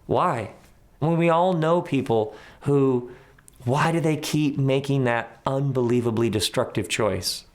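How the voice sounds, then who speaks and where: Middle-aged man, guest author, conversational storytelling, lively quoted voices, medium pitch. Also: unhurried. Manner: animated, acts out quoted voices in his stories.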